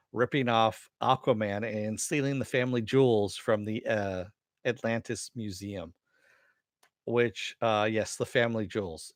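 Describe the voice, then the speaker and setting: A man's voice: on the low side, no echo, clean studio sound. A man hosting a casual spoken review of a cartoon episode, rambling and laughing as he retells funny lines, with some cursing. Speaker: host reviewing animated episodes.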